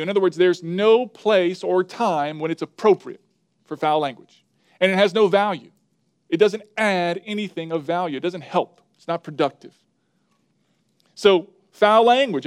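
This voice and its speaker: A man's voice: fairly high pitch, dry recording. Emphatic male pastor preaching, dry sound. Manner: emphatic, repeats key words and lists points. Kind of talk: sermon.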